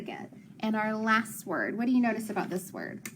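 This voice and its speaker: A woman's voice: mid-range voice, quick pace, fairly bright tone, slight background noise. A woman teacher leading a phonics lesson for young children, patient and encouraging, asking questions and praising answers.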